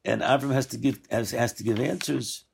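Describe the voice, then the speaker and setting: Gravelly-voiced man teaching Torah. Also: mid-range voice, brisk. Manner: discursive, self-correcting, acts out quoted lines. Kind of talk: weekly Torah lesson.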